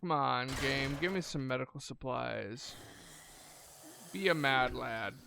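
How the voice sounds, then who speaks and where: A man's voice: medium pitch, slow pace, creaky, pushed and bright, a little hiss or hum. A man giving casual gameplay commentary, chatty and swearing, talking to the game and the zombies as he loots. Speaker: gameplay streamer.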